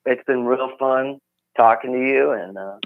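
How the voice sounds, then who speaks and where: A man calling in as a guest musician, telling rambling, relaxed stories about his songs over the phone. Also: mid-range voice, unhurried, no room sound. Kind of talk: casual phone interview. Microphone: phone call. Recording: tinny phone line.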